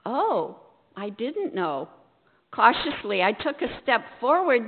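A woman pastor giving a storytelling sermon in a church sanctuary, unhurried, acting out her own hesitant, self-deprecating lines. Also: medium pitch, big pitch swings. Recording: echoey church over a tinny line.

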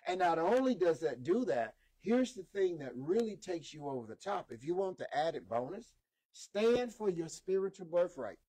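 Guy preaching a sermon, high voice, repeats stuff, gets the crowd to answer back, so-so mic. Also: sing-song, moderate pace, mellow, slightly rough. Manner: emphatic, repeats key lines, call-and-response with listeners. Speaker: preacher and lead instructor. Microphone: modest microphone.

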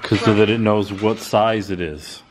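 A man's voice: on the low side, fairly even intonation, a little slow. Matter-of-fact man in a noisy kitchen. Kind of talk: casual family chat. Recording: kitchen noise, dishes clattering.

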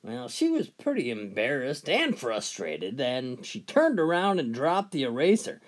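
Man telling jokes with a swooping voice. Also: huge pitch swings. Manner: folksy, drawn-out delivery, pitch swinging widely between characters. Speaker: joke teller. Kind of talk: storytelling jokes with character voices.

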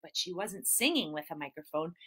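A woman children's entertainer telling a story to preschoolers in an animated, sing-song way and asking the kids questions. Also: fairly low pitch, a little fast, slightly rough. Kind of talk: preschool storytelling live stream.

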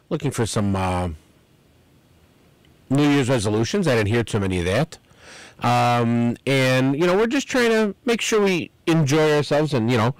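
Chatty radio host, lively pitch. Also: male voice, no room sound, low-quality recording. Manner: chatty, rambling, repeats the phone number slowly. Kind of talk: live outdoors radio talk. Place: radio studio. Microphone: studio microphone.

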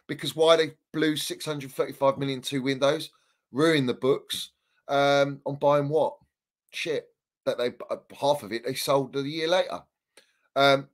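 A man rants heatedly on a podcast, his voice sitting fairly high. He swears freely and repeats his lines for emphasis in loose, casual debate. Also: a bit bright. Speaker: Chelsea fan guest.

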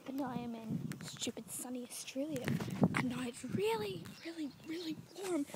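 A young woman from the UK vlogging into her phone in a public street, talking quietly and self-consciously, rambling and often slipping into a whisper. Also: high-pitched, animated, moderate pace, very noisy. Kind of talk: casual vlog to phone. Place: outdoors in public, residential street. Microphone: phone camera.

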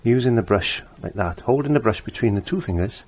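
A man's voice: on the low side, expressive, a little fast, darkish tone, husky. An older man giving a casual painting lesson, chatty and repeating his phrases as he works. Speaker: painting teacher.

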